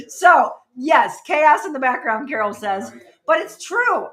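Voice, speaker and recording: A middle-aged woman hosts a casual livestream show. Her voice sits a little high and sounds bright and forceful. She chats freely, laughs often, and throws quick asides to the people in the room. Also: lively intonation. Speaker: host.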